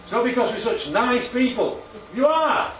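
Very high-voiced and very animated, a man preaches at a moderate pace, frequently asking his congregation questions and repeating their answers. Faint music plays behind him in a muffled, distant, roomy hall recording.

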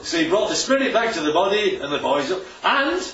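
A man's voice: high-pitched, big pitch swings, fairly quick, a bit bright, a little hiss or hum. A man preaching informally to a congregation, often asking "right?" and "isn't that lovely?". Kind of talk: informal church talk with slides. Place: church hall. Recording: roomy, distant and dull church recording.

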